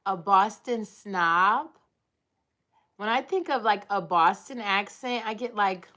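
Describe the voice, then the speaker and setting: At home, a woman hosts a laid-back livestream, rambling and chatting while she reads viewer comments and responds to them. Her voice sits at a medium pitch and sounds pushed and bright.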